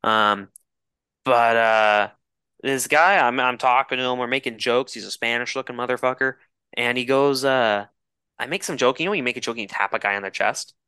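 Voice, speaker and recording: A young man from Canada, a podcast co-host telling a rambling, animated story in casual chat, with frequent restarts and swearing. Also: medium pitch, moderate pace, smooth, dry recording, clean studio sound.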